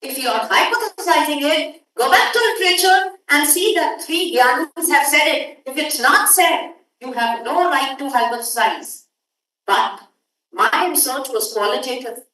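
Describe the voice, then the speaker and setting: A high-pitched woman leads a workshop in a brisk, directive way and keeps pressing her students to move quickly. Her voice is picked up from a distance and rings through a very echoey room. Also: animated, pushed and bright. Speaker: workshop instructor. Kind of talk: classroom lecture. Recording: echoey room audio from far off.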